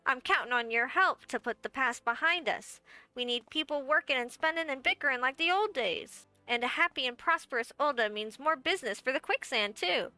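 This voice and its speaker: In this game voice acting, a brassy, tiny innkeeper who runs an adventurers' guild speaks with a lilt in a high, bright voice, wry and folksy. She's brisk and a little fast, every line dry and close to the mic, with a faint game score playing underneath.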